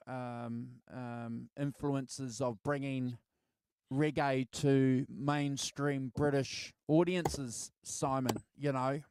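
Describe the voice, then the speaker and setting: A man's voice: medium pitch, darkish tone, clean tone, dry recording. A man co-hosting a casual album review chat, rambling with lots of fillers. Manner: rambling, filler-heavy, laughs easily. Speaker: co-host.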